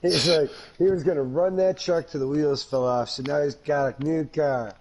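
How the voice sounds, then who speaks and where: A man's voice: a little high, steady tone, normal speed, darkish tone, dull audio, slight background noise. A man co-hosting a podcast, retelling a wrestling segment blow by blow, laughing and swearing. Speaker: podcast co-host. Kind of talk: casual wrestling review chat.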